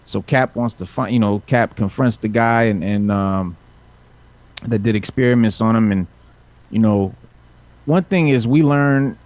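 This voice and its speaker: A man's voice: fairly low pitch, a little slow, a little mellow, dry recording. A man hosting a casual chat, recapping a comic with lots of fillers and restarts. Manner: rambling, many fillers and restarts. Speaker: podcast host recapping comics.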